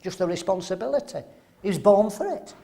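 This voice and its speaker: A man's voice: sits high, animated, a little fast, creaky, warm tone. An older man from England preaching a sermon, emphatic and full of rhetorical questions.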